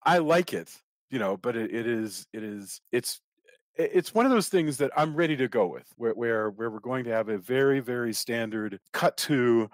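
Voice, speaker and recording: A middle-aged man hosting a podcast talks casually about a film, rambling and often restarting and repeating words. His medium-pitched voice moves at normal speed in studio quality with no room sound.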